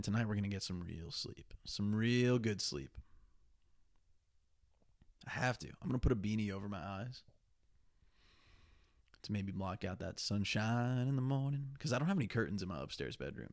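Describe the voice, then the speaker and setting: Gravelly young man rambling on a podcast. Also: fairly low pitch, lively intonation, a little fast. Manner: rambling, profane, candid. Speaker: podcast host. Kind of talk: casual solo podcast monologue.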